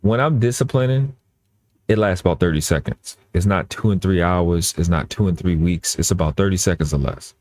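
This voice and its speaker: A man's voice: deep voice, a little fast, a little mellow, dry recording, studio quality. A man talking earnestly in casual live-stream chat, often restarting and repeating his phrases.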